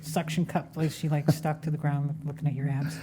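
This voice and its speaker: A woman hosting a casual interview podcast, playful and teasing, joking crudely and reacting quickly to her guest. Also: low voice, little pitch movement, mellow, slight background noise. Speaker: podcast host.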